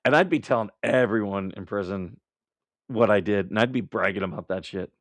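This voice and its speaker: A man's voice: on the low side, a little fast, dry recording, studio quality. A man hosting a casual live stream, talking bluntly and combatively with lots of swearing and laughing at his own remarks. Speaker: livestream host.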